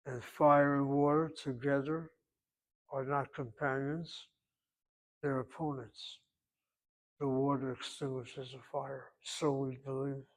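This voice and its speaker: A man teaching a Hebrew grammar class, explaining slowly and repeating words for the students to hear. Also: medium pitch, flat delivery, poor audio.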